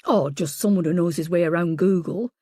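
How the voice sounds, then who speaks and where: A woman's voice: on the low side, brisk, dark tone, dry recording, lightly acted. A woman narrating a level-headed male detective in an audiobook who lays out the facts plainly. The sound is dry and close. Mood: steady. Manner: matter-of-fact.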